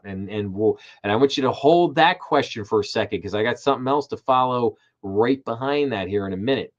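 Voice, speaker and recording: A middle-aged man hosts a live finance commentary show at a mid-range pitch. He talks with emphatic conviction and circles back on his words when fired up. The stream audio sounds slightly dull and lo-fi. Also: a little fast, few pauses. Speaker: host.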